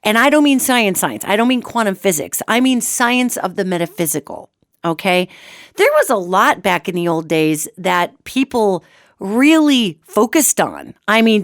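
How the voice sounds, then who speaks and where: A middle-aged woman hosting a solo talk show on metaphysics, hoarse from a cold, chatty and animated as she addresses her listeners. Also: medium pitch, no room sound, studio quality. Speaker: radio show host.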